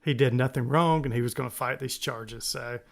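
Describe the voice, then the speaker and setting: A man's voice: mid-range voice, brisk, gravelly. A man co-hosting a podcast, chatting casually about the news, rambling and chuckling. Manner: rambling, self-interrupting, chuckles often. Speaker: podcast co-host.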